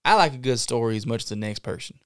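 A man's voice: mid-range voice, animated, quick pace, smooth, no room sound, studio quality. A man co-hosting a podcast, playing an impatient questioner in a comedy sketch, then chatting casually. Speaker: podcast co-host.

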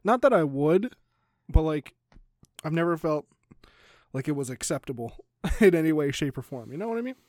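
A man co-hosting a casual podcast, speaking in a relaxed, easygoing way and filling his talk with "like.". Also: fairly high pitch, normal speed, pauses often, no echo, studio quality. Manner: relaxed, easygoing, lots of "like" and short agreeing replies. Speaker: podcast co-host. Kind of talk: casual chat.

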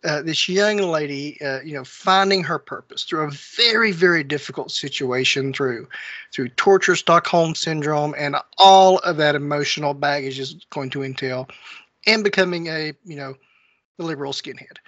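A man co-hosting a casual movie podcast, talking haltingly with many fillers and restarts. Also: on the high side, fairly bright tone, dry recording. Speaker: podcast co-host. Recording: dull lo-fi sound with faint noise.

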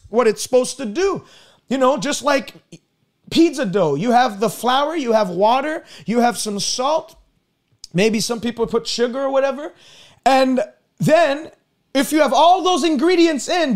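A man with a strikingly high voice preaches with emphatic, repetitive force. He hammers each point with scripture and speaks straight to people watching online. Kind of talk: streamed sermon.

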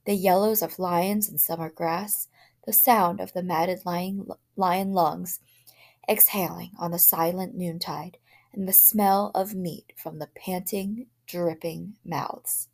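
A woman, a teacher, reading a short story aloud in an expressive voice that drops to a whisper in tense passages. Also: fairly low pitch, slow.

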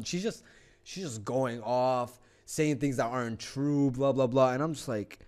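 A young man co-hosting a podcast, telling a story in casual chat, animated, swearing a lot and laughing often. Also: medium pitch, measured pace. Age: young adult. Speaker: podcast co-host.

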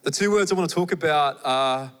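Man, Australian accent, young adult, casual animated sermon, long reverb from the hall. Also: a little high, fairly quick, smooth. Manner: conversational and animated, with asides to the audience. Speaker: preacher.

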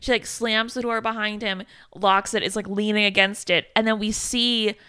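A woman's voice: medium pitch, steady tone, normal speed, bright, forceful tone, smooth, no room sound. A woman co-hosting a horror movie podcast, recapping scenes in casual, sweary, exasperated chat. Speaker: podcast co-host.

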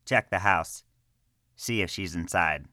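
Stern temple guard for an audiobook, voiced by a man, deep, loud, commanding, dry sound. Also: unhurried, no room sound. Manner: firm, official, commanding. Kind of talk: audiobook character voice.

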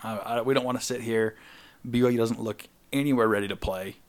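Young male podcast co-host, relaxed storyteller, lively when quoting others. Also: mid-range voice, brisk. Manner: animated, acts out quoted people in raised voices. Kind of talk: casual storytelling chat.

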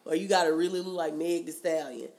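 A woman's voice: low-pitched, steady tone, quick pace, darkish tone. A woman, co-hosting a podcast in casual, gossipy chat. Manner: gossipy, laughing, reads quotes aloud. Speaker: podcast co-host.

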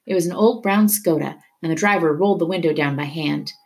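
A woman reading a novel aloud with steady storytelling narration. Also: deep voice, a little fast, creaky. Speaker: reader.

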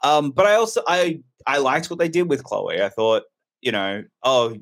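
A man's voice: mid-range voice, normal speed, a bit bright. A man giving a casual, rambling and candid spoken film review. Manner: rambling, candid, self-correcting.

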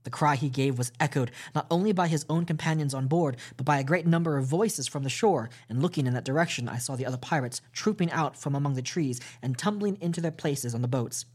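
A man narrating a classic adventure novel aloud at a steady, measured pace, with small restarts. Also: on the high side, slightly rough. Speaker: podcast host reading a novel aloud. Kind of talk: audiobook storytelling narration.

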